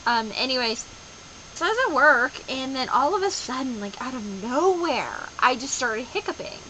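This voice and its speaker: A young woman talks straight to camera in a loose, rambling video-diary style, bouncing between stories. Her voice is bright and a little high. A faint hiss sits under the recording. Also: rough recording. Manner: chatty and rambling, animated with playful voices. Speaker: vlogger. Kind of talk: casual daily video diary.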